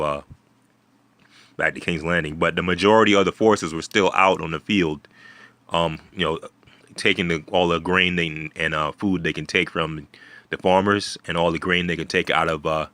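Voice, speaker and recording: A man's voice: sits low, flat delivery, normal speed, bright, forceful tone, no room sound. A man casually recapping a TV episode in a rambling way, with many fillers, restarts and swearing. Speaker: video host.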